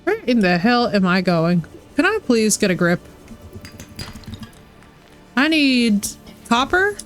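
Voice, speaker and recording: A woman's voice: on the high side, very animated, takes it slowly. Chatty woman streaming a game. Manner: chatty, swears freely, says "like" constantly. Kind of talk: casual live-stream chat. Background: faint game music.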